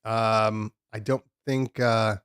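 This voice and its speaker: A man's voice: lowish voice, level tone, takes it slowly, fairly bright tone, smooth, no echo, clean studio sound. A man hosting a DJ live stream, answering viewer questions in a loose, rambling way with many ums and restarts. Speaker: DJ podcast host. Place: home studio room.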